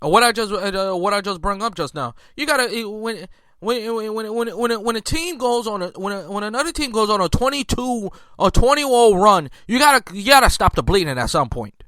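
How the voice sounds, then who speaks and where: A man rants about last night's basketball in a high, bright, tense voice, restarting his sentences again and again and breaking into incredulous outbursts. The sound is dry and close, with no room around it. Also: expressive, a little fast, no echo. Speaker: sports podcast host. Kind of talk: casual sports commentary.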